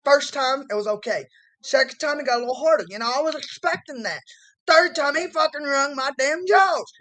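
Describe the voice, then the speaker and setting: A woman with a high, bright-pitched voice hosts a loose, foul-mouthed interview. She tells her stories loudly, breaks into laughter and acts out what other people said, keeping the chat relaxed. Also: normal speed, rough recording. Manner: loud, laughing storyteller who acts out others' lines. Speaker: host. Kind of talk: casual profane interview chat.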